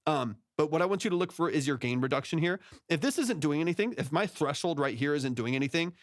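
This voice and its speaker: A man's voice: a little high, expressive, fast talker, no echo. A man who produces music, talking loosely through a livestream tutorial into his studio vocal mic, full of fillers and restarts. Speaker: music producer giving mix feedback. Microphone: studio vocal mic through plugins.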